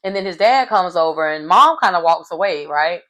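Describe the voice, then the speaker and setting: A woman's voice: lowish voice, animated, fairly quick, fairly bright tone. A woman hosting a casual reality TV recap, sassy and colloquial, laughing often as she reacts.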